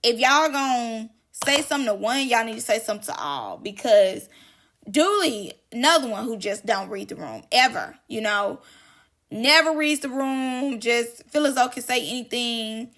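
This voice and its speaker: A woman's voice: on the high side, lively intonation, moderate pace, fairly bright tone. A woman hosting casual gossip commentary, chatty and emphatic, drawing out her exclamations. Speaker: drama commentary host.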